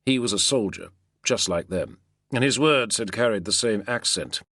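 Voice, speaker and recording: A man reading a novel aloud as an audiobook narrator, in a measured, expressive way. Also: on the low side, slightly rough, no echo, studio quality. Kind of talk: scripted narration.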